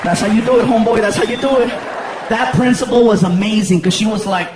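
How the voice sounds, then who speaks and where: A man in his thirties doing stand-up comedy, telling stories in an animated way and acting out voices. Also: high-pitched, quick pace, a loud crowd. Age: 30s. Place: live comedy venue with audience. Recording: noisy live show recording.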